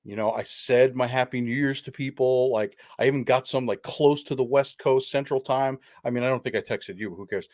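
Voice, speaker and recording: A man's voice: medium pitch, fairly quick, hardly any pauses, a little mellow, no room sound, clean studio sound. A man co-hosting a live stream, chatting in a laid-back way with fillers. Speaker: co-host. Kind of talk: casual chat.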